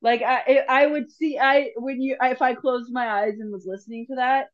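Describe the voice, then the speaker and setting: A woman's voice: sits high, fairly even intonation, moderate pace, muffled recording. A woman co-hosting a comedy podcast, teasing and rambling playfully in casual chat.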